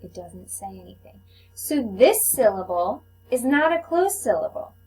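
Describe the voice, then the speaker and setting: A woman teaching a phonics lesson to young children, sounding out letters slowly and patiently. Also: on the high side, sing-song, darkish tone, slight background noise, poor audio. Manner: slow, patient, clearly enunciated teacher talk.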